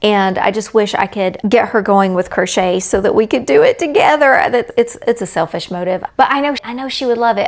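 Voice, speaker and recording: A woman's voice: mid-range voice, a little fast, hardly any pauses. A middle-aged woman chatting casually as a crochet vlogger, rambling in a friendly way and talking straight to her viewers.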